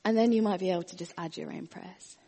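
A woman preaching a sermon, earnest, often dropping her voice very soft and quiet. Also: on the low side, quick pace, long reverb tail.

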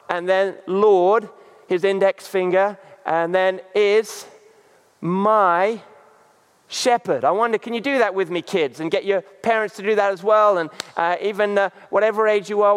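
A man preaching a sermon as a pastor, halting, with many fillers. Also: high-pitched. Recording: long reverb.

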